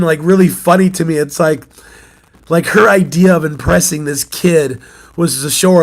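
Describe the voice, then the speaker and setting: Chatty host in his forties, slightly high voice, rambling storyteller, coughing now and then. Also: normal speed. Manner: chatty storyteller, laughs often. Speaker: channel host, sports-card collector and youth coach. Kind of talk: casual morning chat.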